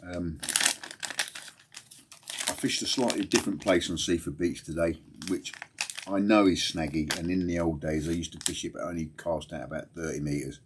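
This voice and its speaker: A deep, low-pitched man winds down at home after a long day, chatting to livestream viewers in a loose, rambling way. He sounds tired and laughs easily. A faint hiss sits behind his voice. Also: steady tone, moderate pace. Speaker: fishing livestream host. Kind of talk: casual late-night chat to viewers. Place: at home at night.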